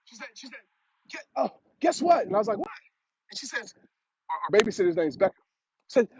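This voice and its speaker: A man with a very high voice delivers a motivational talk and drives his points home by repeating them. The recording is dull and lo-fi. A steady hiss runs underneath. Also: fast talker. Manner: preachy, repeats phrases for emphasis. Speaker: motivational speaker. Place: outdoors on a road. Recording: dull lo-fi sound with clear hiss.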